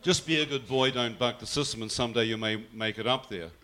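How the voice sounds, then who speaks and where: A man tells his own story in a bright, forceful voice. He speaks earnestly and slips into his mother's words as he recounts them. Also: medium pitch, fast. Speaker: guest telling his testimony. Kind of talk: personal storytelling.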